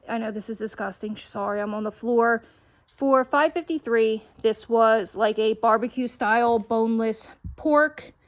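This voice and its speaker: A chatty young woman with a slightly high voice, talking at home and clearly thrilled about her cheap finds. She sounds a little winded, and a faint hiss sits under her voice. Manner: chatty and excited about bargains. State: a little out of breath. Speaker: vlogger. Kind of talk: casual grocery haul chat. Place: at home, kitchen.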